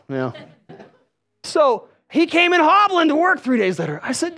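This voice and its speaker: Man, preacher, sermon, lively swooping pitch, animated storytelling, church stage. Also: moderate pace. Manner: storytelling, animated, calls out to the crowd.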